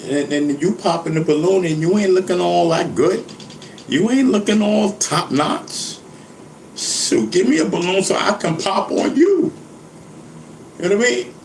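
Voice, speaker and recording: Laid-back rapper dude rambling and laughing, roomy echo, faint hum behind. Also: male voice, high voice, gravelly. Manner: laid-back, laughing, keeps saying "you know what I mean". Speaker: rapper and vlogger. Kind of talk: casual rambling monologue.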